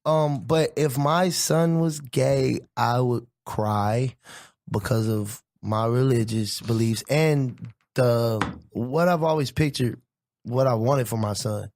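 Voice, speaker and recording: Reflective man, slow halting talk. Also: medium pitch, darkish tone. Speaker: podcast co-host. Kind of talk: casual chat.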